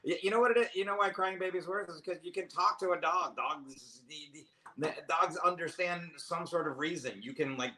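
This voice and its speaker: A man's voice: fairly high pitch, brisk, bright, forceful tone. A man, a comedian guest in a casual chat, talking in a rambling, self-deprecating way with lots of restarts. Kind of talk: casual chat over drinks.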